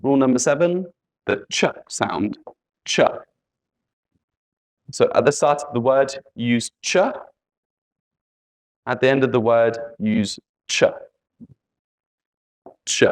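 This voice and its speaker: Slow, patient male English teacher. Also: mid-range voice. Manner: patient, repeats letters and examples. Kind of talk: slow spelling lesson.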